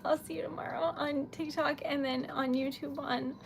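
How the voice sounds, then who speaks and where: A young woman, hosting a late-night livestream, giggling and tearfully thanking viewers, her voice going hoarse. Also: high voice, steady tone, moderate pace, over music. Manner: giggly, emotional, tearful gratitude. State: losing her voice. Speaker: livestream host. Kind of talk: casual livestream chat. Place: home at midnight.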